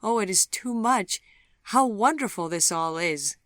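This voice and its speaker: A woman voicing a young mother near thirty, tearful and hoarse with emotion, in an audiobook story. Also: medium pitch, expressive, unhurried, a bit bright, dry recording, clean studio sound, voice pushed up. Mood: tearful joy.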